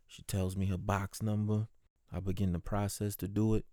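A man with a lowish voice recounts his day as a postal clerk in a loose, animated way. He swears freely and slips into imitations of customers. His tone is mellow and warm, and the sound is dry and close. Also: normal speed, dry recording. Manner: animated, swears freely, mimics people he talks about. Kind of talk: casual storytelling about his workday.

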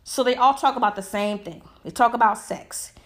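A woman's voice: a little high, normal speed, a bit bright. A woman giving a heated, emphatic opinion monologue full of rhetorical questions. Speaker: commentator.

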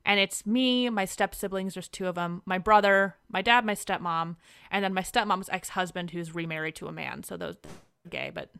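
A woman's voice: on the low side, moderate pace, creaky, a bit bright, clean tone. A young woman, a guest in an interview, telling personal stories in a chatty way with frequent laughter and lots of "like". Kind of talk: casual storytelling interview.

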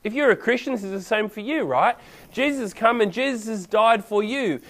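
A man delivering a sermon in a relaxed, story-driven way. His voice sits high for a man. He keeps it conversational and lively. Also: brisk. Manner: casual, animated storytelling. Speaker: preacher.

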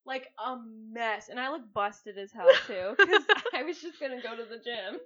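A woman tells a story on a casual podcast, laughing often as she goes. Her voice is high and swoops widely. The recording sounds a bit dull and lo-fi. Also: moderate pace. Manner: animated storytelling, frequent laughter. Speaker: podcast co-host. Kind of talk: casual chat.

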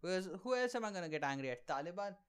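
A man's voice: sits high, expressive, rapid-fire, clear, resonant tone. A young man hosting a podcast, doing a rambling, sarcastic comic monologue and laughing at his own jokes. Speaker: podcast host and aspiring comedian.

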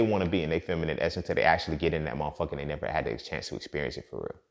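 A man with a very low, deep voice delivers a loose podcast monologue. He swears freely and sounds preachy, leaning on fillers like "you feel me" as he works through his points. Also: rapid-fire, gravelly, hardly any pauses. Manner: profane, preachy, conversational with many fillers. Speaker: podcast host. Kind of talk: casual monologue.

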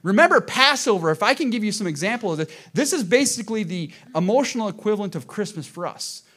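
Pastor, male, higher-pitched voice, animated sermon delivery, shifts from loud to hushed, quizzes the congregation. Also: quick pace. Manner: addresses congregation directly with questions.

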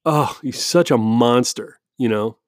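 A man's voice: medium pitch, a little slow, no echo, studio quality. Sarcastic, blunt man hosting a podcast. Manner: sarcastic and blunt, swears freely, restarts often. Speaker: podcast host. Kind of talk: casual rant to listeners.

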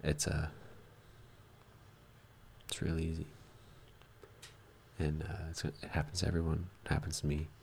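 A man's voice: rumbling low, level tone, moderate pace, gravelly, pauses often, a little mellow, a little hiss or hum. A man chatting casually as a guest on a podcast, laid-back and trailing off with fillers. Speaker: guest musician.

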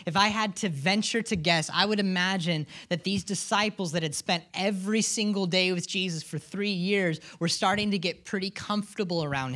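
A woman's voice: mid-range voice, a bit bright. A woman pastor preaching a sermon in an earnest way, often restarting and repeating words and asking the congregation questions.

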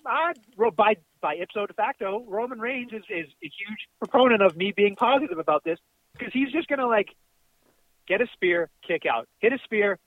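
A man co-hosting a wrestling podcast in casual chat, ranting excitably with profanity, calling in from his car. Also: high voice, no room sound. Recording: tinny dry phone line.

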